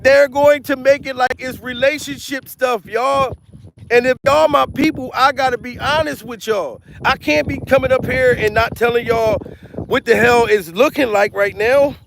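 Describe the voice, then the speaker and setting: High, gravelly man ranting on a vlog. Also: noisy background. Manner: loud, repetitive, laughing between rants. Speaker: comedian vlogger. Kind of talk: profane comedic commentary vlog. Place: outdoors.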